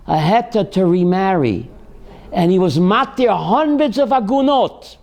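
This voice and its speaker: A rabbi hosting a call-in show tells a dramatic story in a high, emphatic voice. He repeats his key phrases again and again, with his pace surging and slowing. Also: expressive, darkish tone. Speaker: rabbi and radio host.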